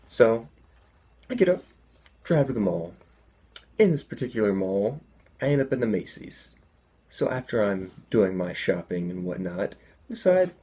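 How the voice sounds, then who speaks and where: Husky young guy telling a funny story, low voice but pitch all over the place. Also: unhurried, long pauses. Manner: animated, deadpan asides. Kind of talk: comedic personal storytelling.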